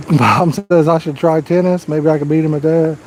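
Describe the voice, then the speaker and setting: High-voiced joking Southern man. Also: fairly even intonation, normal speed. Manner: folksy, joking, corny one-liners. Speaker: fishing livestream host. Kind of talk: casual live-stream chat. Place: outdoors by the water.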